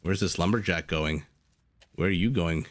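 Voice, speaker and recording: A man's voice: deep voice, moderate pace. A man commentating a strategy game live, chatty and joking with his chat between play-by-play. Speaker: game caster.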